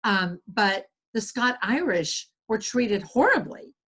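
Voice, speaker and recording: Brief: Southern US woman, author guest, earnest, rambling, mid-pitched voice. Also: big pitch swings, takes it slowly, a bit bright, slightly rough. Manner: earnest, rambling with many restarts. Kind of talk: conversational interview.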